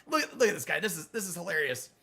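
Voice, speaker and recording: Man, middle-aged, gaming live streamer, gravelly voice, chummy with chat, profane and blunt. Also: fairly high pitch, big pitch swings, quick pace, sharp tone. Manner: blunt, profane, combative toward trolls; chummy, calls viewers brother and man. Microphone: close microphone.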